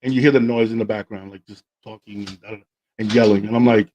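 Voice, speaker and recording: A man's voice: on the low side, fast, lo-fi sound. A man hosting a podcast, telling a dating story in casual chat and acting out both sides of the dialogue. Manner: animated storyteller who acts out dialogue. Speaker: podcast host.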